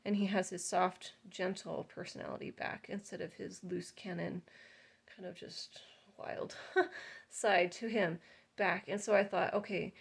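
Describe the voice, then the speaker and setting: A woman's voice: lowish voice, fairly even intonation, unhurried, vocal fry, slightly rough. A woman in her thirties, a dog breeder, talking casually to camera in an earnest, chatty way with many fillers. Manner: chatty, earnest, with fillers and sudden loud acted exclamations.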